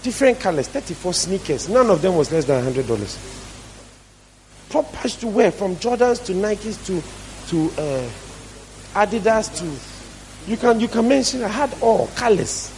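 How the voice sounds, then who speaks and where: A man's voice: sits high, sing-song, unhurried, long pauses, a little mellow, a little hiss or hum, rough recording. A man preaching a sermon as pastor, emphatic and repeating his key phrases for stress.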